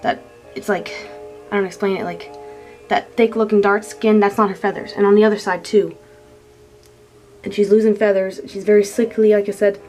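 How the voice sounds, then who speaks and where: A woman on the verge of tears, speaking in a middle-pitched voice into a handheld camera at home. Her talk is halting and tender, broken by sighs and restarts, with a faint bit of music behind her. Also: steady tone, a little mellow. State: close to tears. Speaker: pet owner filming her bird. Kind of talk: emotional home video complaint.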